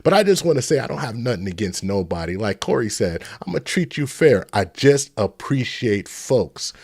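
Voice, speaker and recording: Animated middle-aged man hosting a live stream. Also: medium pitch, moderate pace, gravelly, slightly rough, no echo, studio quality. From San Francisco Bay Area. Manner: animated, rambling storytelling, shouting out viewers. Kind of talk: casual live-stream chat.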